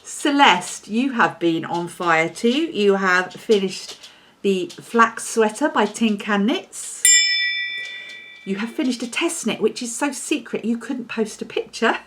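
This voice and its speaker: An English woman with a mid-range, expressive voice hosts a podcast, speaking slowly and cheerfully to camera as she congratulates listeners. Between shout-outs she scolds her dog, and there's a little hiss or hum in the audio.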